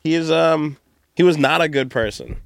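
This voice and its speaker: A man's voice: fairly high pitch, normal speed, vocal fry, no room sound, studio quality. A man hosting a podcast in casual, crude, rambling chat, joking around and slipping into silly voices. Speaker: podcast host.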